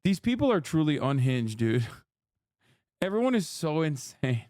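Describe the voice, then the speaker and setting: A man's voice: on the high side, sing-song, unhurried, a little mellow, no room sound, clean studio sound. A man giving casual livestream commentary, ranting in disbelief with plenty of swearing and laughter. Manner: profane, incredulous ranting with frequent laughs.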